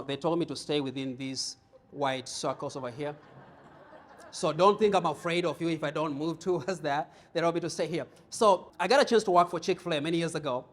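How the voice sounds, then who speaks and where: A middle-aged man from Kenya with a Kenyan accent, giving a humorous leadership keynote to a live audience, telling stories and often repeating words as he starts a thought. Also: fairly high pitch. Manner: storytelling, jokey, repeats words when starting. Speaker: keynote speaker. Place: conference room with audience.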